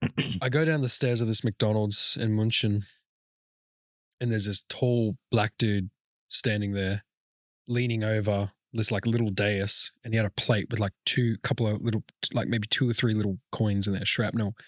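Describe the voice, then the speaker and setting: A man's voice: lowish voice, fairly even intonation, moderate pace, no room sound, clean studio sound. A young man hosting a podcast, telling a travel story in casual, profane chat with lots of restarts. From Australia. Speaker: podcast host.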